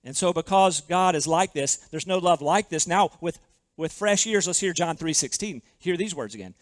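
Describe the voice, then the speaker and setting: A man's voice: fairly high pitch, normal speed, no room sound. A man preaching a sermon as pastor, earnest and emphatic, often repeating a word or phrase to drive it home.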